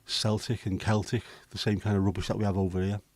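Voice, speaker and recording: Talking fast with little pitch movement, this man has a fairly low, slightly mellow voice and no echo around it. He's a Liverpool-accented livestream host from Liverpool, casually chatting through comments in a rambling, hesitant way with the occasional swear.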